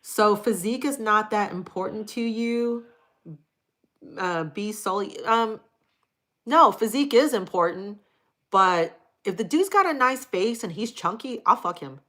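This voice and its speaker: A woman's voice: mid-range voice, animated, measured pace, pushed and bright. A middle-aged woman hosting a casual livestream, chatting frankly and with profanity while reading viewer comments aloud. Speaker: livestream host.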